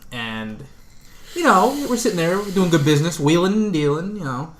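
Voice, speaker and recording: Male podcast co-host, swoopy expressive pitch, laid-back storyteller. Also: moderate pace, a little hiss or hum. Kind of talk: casual storytelling.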